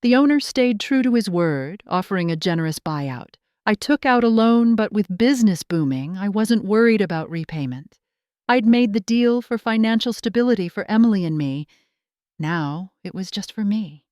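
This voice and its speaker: A woman narrating a first-person drama story in a steady, scripted storytelling delivery. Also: mid-range voice, moderate pace, dry recording, studio quality.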